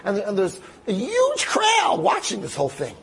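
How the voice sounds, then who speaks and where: A man telling a dramatic story aloud, acting out the quotes with lively animation. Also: sits high, fast talker, creaky, husky.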